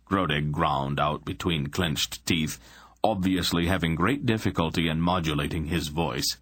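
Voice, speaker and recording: A man narrating an audiobook in an expressive storytelling manner. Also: rumbling low, measured pace, no echo. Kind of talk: scripted narration.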